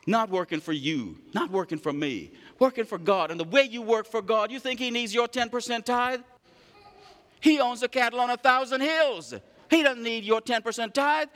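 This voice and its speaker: A man preaching a sermon, reading scripture aloud and acting out the voices of the people in the story with lively, animated delivery. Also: very high-pitched, in a large hall. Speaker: pastor.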